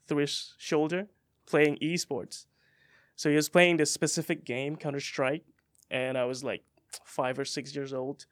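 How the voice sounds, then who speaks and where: Young man telling a relaxed story. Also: on the high side, no room sound, studio quality. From Indonesia. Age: young adult. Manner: relaxed storytelling with many fillers. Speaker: guest. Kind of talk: casual interview. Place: podcast studio.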